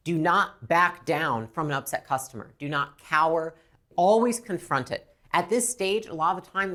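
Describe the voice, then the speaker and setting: A woman teaching a business lesson, talking bluntly and now and then acting out lines from customers and staff. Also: fairly low pitch. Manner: animated, acts out customer and rep lines; blunt, swears casually. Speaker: business instructor.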